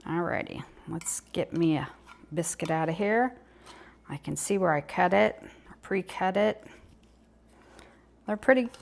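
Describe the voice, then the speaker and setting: Older Southern woman, home cook, chatty and folksy, lowish voice. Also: gravelly. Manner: chatty, folksy, talks while eating. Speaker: home cooking vlogger. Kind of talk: casual cooking demonstration.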